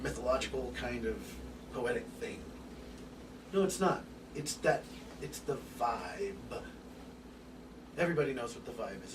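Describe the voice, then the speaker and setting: A man giving an open forum lecture to a live group, animated and casual, swearing now and then and acting out little scenes. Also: medium pitch, echoey room. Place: room with an audience. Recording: distant mic with background hiss.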